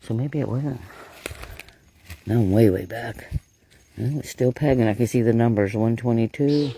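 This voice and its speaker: A man researching bigfoot, talking casually and excitably to the camera outdoors in the woods at night. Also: medium pitch, normal speed, pauses often, breathy edge. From Florida. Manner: talkative, hushed and excitable. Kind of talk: casual field narration to camera.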